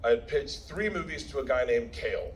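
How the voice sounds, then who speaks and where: A man's voice: medium pitch, animated, brisk, a little hiss or hum, rough recording. A middle-aged man, a comedian, telling rowdy, profane stories to a live crowd and laughing as he goes. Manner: loud, profane, laughing as he tells it. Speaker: comedian addressing a premiere crowd. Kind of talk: rowdy live stand-up storytelling.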